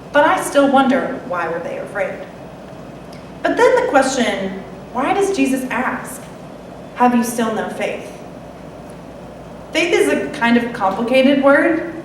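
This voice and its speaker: A woman's voice: fairly high pitch, big pitch swings, measured pace, long pauses, slight background noise. Woman preaching in an echoey hall. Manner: conversational, wry asides. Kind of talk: sermon. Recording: echoey hall, mic far off.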